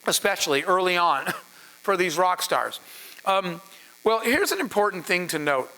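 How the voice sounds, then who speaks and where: A man, a startup founder, telling stories to an audience in an animated way, laughing and acting out dialogue. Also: high voice, unhurried, low-quality recording. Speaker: startup founder and panel speaker. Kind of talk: storytelling talk to an audience.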